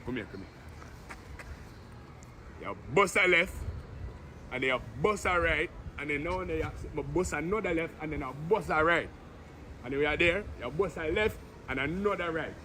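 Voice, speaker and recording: A man doing a friendly local giving directions in a put-on Jamaican accent. The voice sits fairly high and sounds bright. There is a faint hiss of street noise behind it, and the delivery is drawn out and sing-song. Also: lively intonation, moderate pace, long pauses. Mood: helpful.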